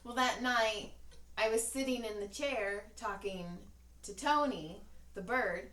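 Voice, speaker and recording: A woman's voice: on the high side, takes it slowly, roomy sound, recorded from a distance. A woman co-hosting a podcast in casual chat, telling stories with lots of acted-out quotes and swearing. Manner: animated storytelling, acts out quotes, swears freely. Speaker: podcast co-host.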